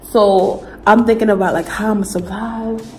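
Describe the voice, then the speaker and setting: A woman's voice: mid-range voice, normal speed, rough recording. A young woman from Ghana, chatting animatedly through a casual storytime vlog. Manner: chatty, animated retelling full of "like" and slang. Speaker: vlogger.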